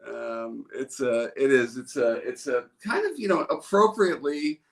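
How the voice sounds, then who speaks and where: A man's voice: mid-range voice, animated, moderate pace, vocal fry. A man hosting a live stream from a room at home, chatting in a rambling way and greeting viewers by name. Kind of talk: casual live-stream chat.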